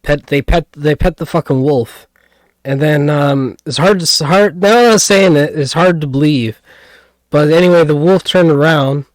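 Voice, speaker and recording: A man's voice: a little high, normal speed, no echo, studio quality. A man co-hosting a casual podcast, rambling and hesitant with lots of fillers and restarts. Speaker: podcast co-host.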